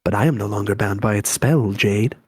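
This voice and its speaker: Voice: low voice, brisk, husky, no echo, studio quality. A voice actor playing a disillusioned teenage boy who rants sarcastically and with exasperation in a fan-made comic reading. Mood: ranting.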